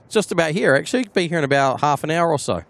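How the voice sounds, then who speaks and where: A man's voice: a little high, expressive, rapid-fire, creaky, a bit bright. A man with a New Zealand accent hosting a casual plane-spotting live stream, chatting and answering viewers by name.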